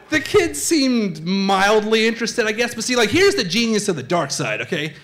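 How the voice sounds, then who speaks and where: A man telling a comic true story live on stage, chatty and animated, slipping into voices. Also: sits high, normal speed, hardly any pauses. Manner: animated, conversational, swings into voices. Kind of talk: live comedic personal storytelling. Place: theater stage before a live audience.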